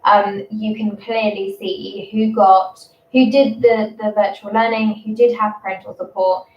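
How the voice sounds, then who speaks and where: A woman's voice: medium pitch, flat delivery, lo-fi sound. Chatty English woman, distant roomy sound. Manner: chatty, rambling, quick to laugh. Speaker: primary school teacher. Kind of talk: casual livestream chat.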